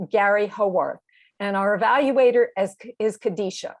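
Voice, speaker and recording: A medium-pitched woman's voice, at a moderate pace, guides an online speech training course on a video call. She lays out the assignments step by step and stays encouraging throughout the session.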